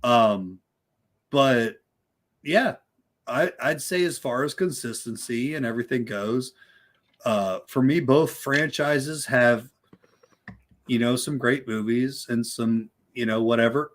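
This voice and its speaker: A man's voice: mid-range voice, takes it slowly. A man co-hosting a casual horror movie livestream, rambling with repeated words and lots of "dude" and "like". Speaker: livestream co-host.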